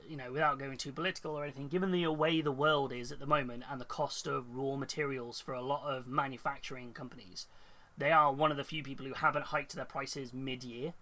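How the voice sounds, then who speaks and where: A congested man with a cold rambles through a casual live-stream chat, trailing into fillers and restarts as he thinks aloud. His voice sits fairly high for a man and sounds bright and forward. He reads out chat messages and answers them. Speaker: hobby streamer.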